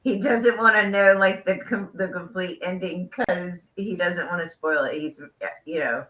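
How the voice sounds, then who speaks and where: A talkative woman co-host with a bright, forward tone. She rambles easily through casual conversation and laughs a lot. Her voice carries a roomy echo. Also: lowish voice, unhurried. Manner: chatty, laughs often, rambling. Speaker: podcast co-host. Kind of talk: casual interview chat.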